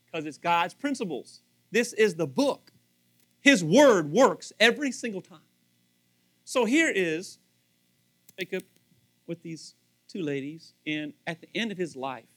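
A middle-aged male pastor preaching a sermon, acting out little scenes and repeating phrases for emphasis. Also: sits high. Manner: animated, acts out dialogue, repeats phrases for emphasis.

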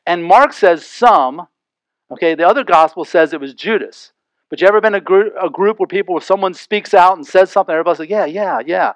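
A middle-aged male pastor preaching a sermon in a church, animated, asking rhetorical questions and acting out quoted voices. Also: high-pitched, quick pace, dry recording, poor audio.

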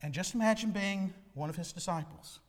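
A man preaching a sermon as a pastor, animated, with dramatic swings between soft and loud. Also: high voice, brisk, big-room sound, slight background noise.

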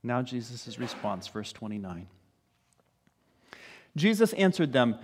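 A man's voice: medium pitch, sing-song, measured pace, pauses often, darkish tone, breathy edge. A man preaching a sermon, talking conversationally and building to emphatic rhetorical questions. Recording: long hall reverb.

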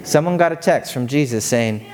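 Brief: male pastor, lively storytelling sermon, mid pitch, lots of rhetorical questions. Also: moderate pace, crowd noise.

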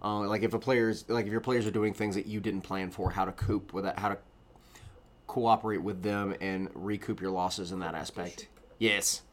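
A man co-hosting a casual podcast, rambling and animated, laughing often. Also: on the low side, normal speed. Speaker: podcast co-host. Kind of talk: casual chat.

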